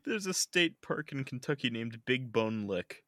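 A man's voice: medium pitch, very animated, a little slow, a bit bright, no echo, studio quality. A man co-hosting a casual podcast, reading out a list and often laughing and swearing. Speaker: podcast co-host.

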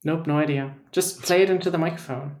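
A man co-hosting a casual podcast chat, teasing and deadpan, acting as if he believes none of it. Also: a little high, quick pace. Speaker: podcast co-host.

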